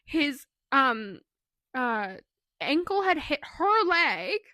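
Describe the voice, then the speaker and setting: A woman's voice: sits high, very slow, dry recording. A woman co-hosting a casual book podcast, telling funny stories and acting out the people in them. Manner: animated storyteller, acts out quoted voices. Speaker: podcast co-host.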